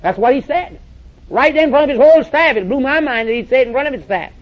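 A man's voice: very high voice, animated, fast talker. A man preaching a sermon, emphatic and direct, repeating phrases and calling listeners to listen. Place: church or meeting hall with audience. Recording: dull lo-fi recording.

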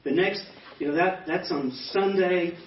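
A man in his fifties, a pastor giving a personal testimony, animated and acting out quoted dialogue as he tells stories. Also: high-pitched, a little slow, a little hiss or hum. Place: banquet hall. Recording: echoey hall, distant dull mic.

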